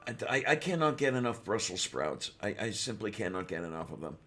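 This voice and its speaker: A man's voice: lowish voice, sing-song, brisk, a bit bright, faint music behind. Hesitant man co-host, lots of ums. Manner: hesitant, full of ums, self-deprecating. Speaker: podcast co-host. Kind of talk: casual chat.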